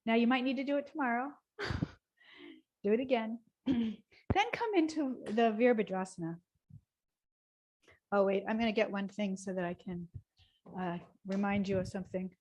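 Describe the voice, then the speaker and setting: A woman teaching a gentle yoga class, guiding softly and slowly, then bursting into cheers and laughter exercises. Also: medium pitch, highs cut off. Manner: soothing and slow, breaking into loud laughter and cheers.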